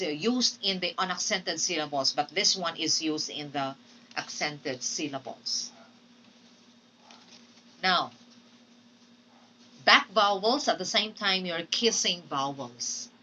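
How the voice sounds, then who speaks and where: A woman teaching English pronunciation in a recorded lesson. She speaks deliberately, models example words aloud and often checks in with "okay?". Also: lowish voice, expressive, sharp tone, far from the mic, rough recording.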